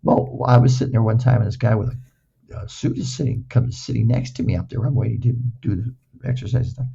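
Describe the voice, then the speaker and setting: A man's voice: lowish voice, fairly even intonation, fairly quick, creaky, mellow, breathy edge, muffled recording. An older man recovering from a stroke tells playful anecdotes, repeating words and acting out the dialogue. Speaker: guest. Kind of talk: casual anecdotal storytelling.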